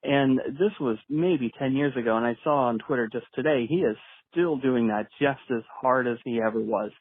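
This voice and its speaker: A man's voice: mid-range voice, moderate pace. A male caller leaving a chatty voice message, telling an anecdote and chuckling as he goes. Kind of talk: phoned-in anecdote. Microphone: phone voice message. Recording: dry tinny phone line.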